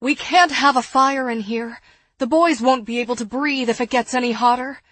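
A woman's voice: a little high, expressive, measured pace, slightly rough, no echo. A woman voicing a fierce, worried woman caring for sick children, talking sharply and urgently.

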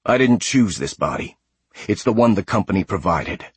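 An audiobook narrator voicing a precise female android in a man's body, speaking in a clipped, exact way with a deep, husky voice. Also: animated, normal speed, no room sound. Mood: annoyed.

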